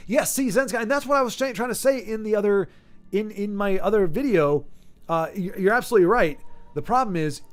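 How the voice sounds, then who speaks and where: A man's voice: high voice, a little fast, faint music behind. A middle-aged man chatting casually with viewers as a gaming streamer, telling a story in an exasperated way with many restarts and repeated words. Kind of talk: casual rambling chat with viewers.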